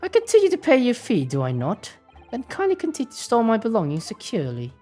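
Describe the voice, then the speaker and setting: A woman's voice: a little high, wildly swooping pitch, fast, warm tone, faint music behind. A woman voicing an eccentric Victorian male detective in a game, theatrical and pompous. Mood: haughty.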